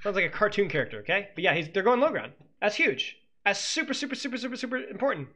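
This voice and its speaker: A man analyzing a match replay as a coach, quick to exclaim and talking straight to viewers. His voice sits high and bright, with wide swings in pitch. He sounds energetic and pointed. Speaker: esports coach. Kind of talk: game replay analysis commentary.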